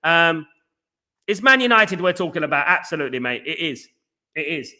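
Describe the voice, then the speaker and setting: Fast-talking bright-voiced male football host. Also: fairly high pitch. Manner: rapid, animated, reads out chat messages with banter. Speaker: fan channel host reading live chat. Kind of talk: fast casual live-stream chat.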